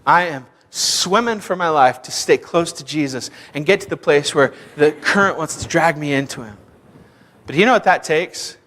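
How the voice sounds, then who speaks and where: Animated young pastor in a reverberant church. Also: male voice, fairly high pitch, moderate pace, a little hiss or hum. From Kansas. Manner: animated, acts out dialogue with shouts and laughs. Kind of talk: sermon with storytelling. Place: church sanctuary. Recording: long hall reverb in a church.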